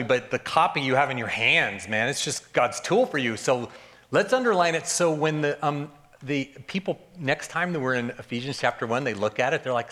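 Joking, conversational pastor man, higher voice. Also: bright, forceful tone. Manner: informal, joking, conversational teaching to a congregation. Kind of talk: sermon. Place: church service before a congregation.

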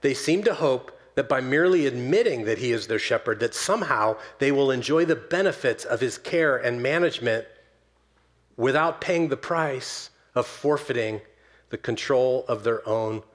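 A man preaching a sermon to his church as pastor, swinging from loud emphatic stresses down to soft, slow closing words. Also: medium pitch, lively intonation. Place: church sanctuary.

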